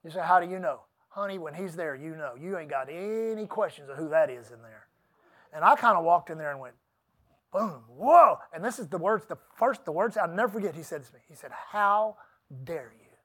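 Preaching a sermon to his church, a middle-aged pastor tells a story in a folksy, emphatic style, breaking off for asides to the congregation. His voice sits high for a man, with a fairly bright tone and lively intonation, and he speaks a little fast.

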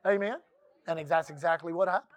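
A man from the Texas coast preaching a folksy sermon in church, calling out for amens and dropping into a soft low voice for quotes. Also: steady tone, brisk, dry recording.

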